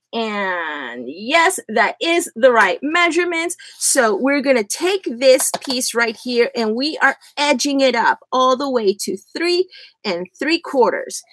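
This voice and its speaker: A woman's voice: high voice, fairly bright tone, no room sound. A woman hosting a live crafting tutorial from home, chatty and often laughing at herself. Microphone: USB desk microphone.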